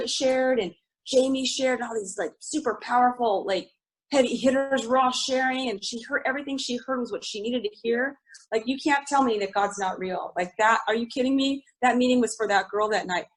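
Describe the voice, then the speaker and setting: A middle-aged woman with a voice on the high side, speaking a little fast over a rough recording, gives a candid recovery group share. She confesses plainly, swears liberally, and begins sentences again and again.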